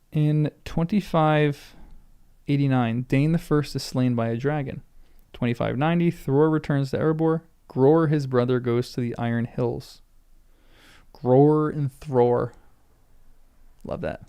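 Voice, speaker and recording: A man's voice: mid-range voice, warm tone, clear, resonant tone. A man reading a book aloud for the first time, stumbling over names and stopping to muse about pronunciation.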